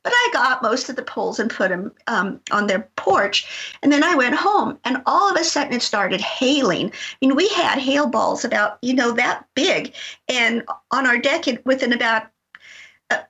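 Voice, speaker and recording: A middle-aged woman from Colorado, a talk-show guest telling a personal story in an animated way, acting out voices as she goes. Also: on the high side, normal speed. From Colorado, USA. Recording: dull lo-fi broadcast audio.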